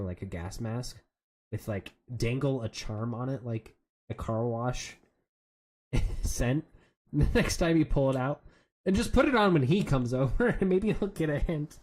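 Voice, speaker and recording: A man's voice: mid-range voice, a little mellow. A man chatting casually while playing a game, rambling from one story to the next and laughing often. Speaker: streamer. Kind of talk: casual gaming chat.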